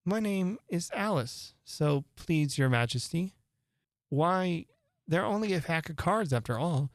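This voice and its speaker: A man reading a storybook aloud, voicing a polite but forthright young girl in a lighter, softer voice. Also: on the high side, animated, unhurried, no echo, studio quality, pitched above the performer's own voice. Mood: plucky.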